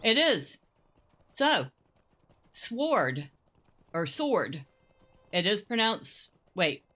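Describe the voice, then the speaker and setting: A woman's voice: medium pitch, big pitch swings, pushed and bright. A woman giving casual, chatty gameplay commentary as she plays, musing aloud as she goes. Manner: chatty and unhurried, muses aloud, laughs easily. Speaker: gameplay host.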